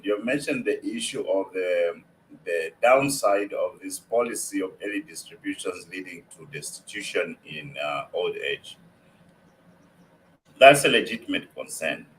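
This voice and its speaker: A man's voice: low-pitched, expressive, normal speed, a little hiss or hum, low-quality recording. A man giving policy views in a remote discussion, emphatic and fond of repeating his key points. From Zambia. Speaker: guest economist.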